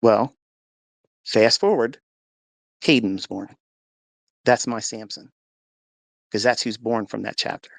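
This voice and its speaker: Man, gravelly mid-pitched voice, earnest emotional storyteller, dry close phone sound. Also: slow pace, long pauses, dry recording. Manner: earnest, animated, voice rises and falls with the story. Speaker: speaker sharing a faith testimony. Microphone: phone in a live audio room.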